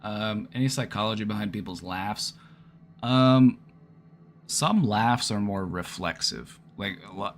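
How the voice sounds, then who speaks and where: Rambling low-voiced Midwestern man. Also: a bit bright. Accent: Midwestern American. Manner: rambling, repeats words and restarts. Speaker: online therapist host. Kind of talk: casual live-stream chat.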